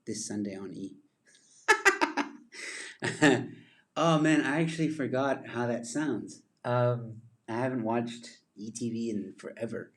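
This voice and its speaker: A man hosts a casual livestream chat, rambling from topic to topic and often laughing at his own jokes. His voice is medium-pitched and steady, and he speaks unhurriedly.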